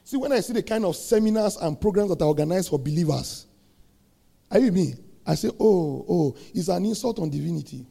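A middle-aged man preaching a sermon, asking the congregation questions and building to shouted peaks. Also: high voice, expressive, brisk, vocal fry, slightly rough. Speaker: pastor.

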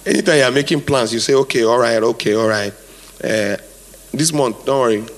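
A man's voice: medium pitch, a little fast. A male pastor preaching a sermon, emphatic and repetitive, drawing answers from the congregation, recorded live in a hall. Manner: emphatic, repeats phrases, asks the congregation to fill in words.

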